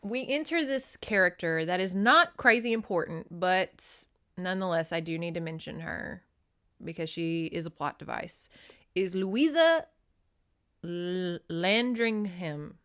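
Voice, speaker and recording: A woman hosting a podcast, recapping a book in casual chat; animated and profane, laughing often. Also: fairly low pitch, unhurried. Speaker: podcast host.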